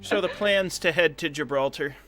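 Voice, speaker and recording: A man's voice: a little high, moderate pace, bright, forceful tone, soft background music. A man running a tabletop spy game as game master, loose and jokey, laughing often between narration.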